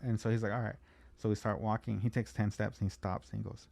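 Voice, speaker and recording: A man's voice: on the low side, flat delivery, quick pace, gravelly, darkish tone, no room sound. A man from California telling a long story in casual podcast chat, swearing freely and acting out both sides of the conversation.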